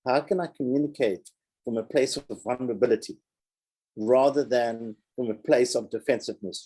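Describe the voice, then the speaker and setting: A man co-hosting a podcast, speaking in an earnest, emphatic, measured way about personal growth. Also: mid-range voice, fairly even intonation, dark tone, breathy edge, low-quality recording. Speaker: podcast co-host. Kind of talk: earnest reflective discussion.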